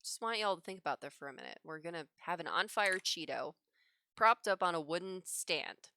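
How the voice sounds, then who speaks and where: Woman, lower-pitched voice, bright forceful tone, laughs between phrases, casual storytelling. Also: expressive, a little fast. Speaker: livestreaming digital artist. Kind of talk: casual storytelling while drawing. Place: home drawing setup.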